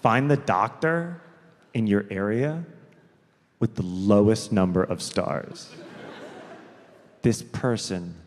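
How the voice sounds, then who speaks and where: A man's voice: lowish voice, slow pace, pauses often. A man doing stand-up comedy storytelling on a theater stage, rambling with self-correcting asides and sudden emphatic outbursts. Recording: live theater, long reverb, faint noise.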